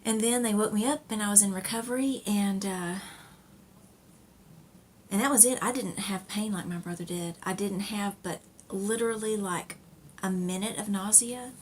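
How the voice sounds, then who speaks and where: A woman's voice: mid-range voice, normal speed, a little hiss or hum. A middle-aged woman hosting a knitting podcast, telling a personal story in a chatty, rambling way with fillers and laughs.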